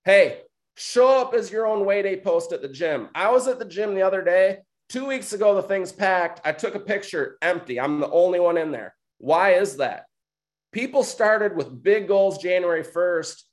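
His voice sits high as this Michigan-based coach of coaches gives a motivational talk. Emphatic and repetitive, he keeps checking in with listeners through "right?" and "okay?".

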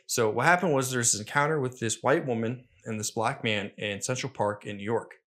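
A man's voice: mid-range voice, fairly quick, fairly bright tone. Earnest young man hosting a podcast. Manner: earnest, self-critical, rambling with restarts. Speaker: podcast host. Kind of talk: solo podcast monologue.

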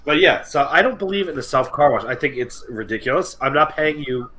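A man's voice: mid-range voice, a little fast, sharp tone, low-quality recording. A man co-hosting a podcast in casual comedic chat, rambling and swearing as he riffs on absurd ideas. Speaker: podcast co-host.

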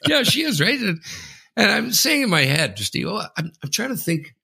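Casting: Canadian man, podcast co-host, gravelly and bright, lively storyteller. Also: moderate pace. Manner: animated storyteller, keeps saying the host's name, mimics others in a high voice. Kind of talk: casual sports podcast chat.

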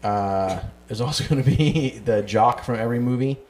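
A man's voice: medium pitch, normal speed, a little mellow, a little hiss or hum. A young adult man co-hosting a comedy podcast, joking in casual banter and laughing often. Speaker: podcast co-host and stand-up comedian.

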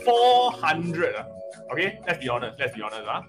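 A man coaching an investing webinar live, animated and often checking in with "right?" and "okay?". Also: fairly high pitch, moderate pace, over music.

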